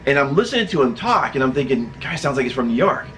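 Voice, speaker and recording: A man's voice: mid-range voice, sing-song, fast talker, fairly bright tone, a little hiss or hum. A man casually telling a personal story, laughing often and acting out other people's voices.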